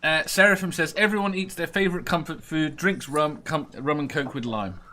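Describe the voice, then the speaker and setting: A man hosts a relaxed group chat and reads out listener comments. His voice is bright and a little raised in pitch. He jokes around as he goes. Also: a little fast, slight background noise. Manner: joking, reads comments aloud. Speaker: podcast host reading listener comments.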